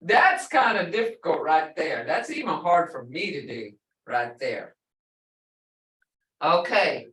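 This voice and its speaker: A woman's voice: deep voice, sing-song, fairly bright tone, roomy sound, distant mic. A woman teaching an online language class, patiently repeating and drawing out each word to show its tone. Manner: slow, patient, models words by drawing out tones. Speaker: language instructor.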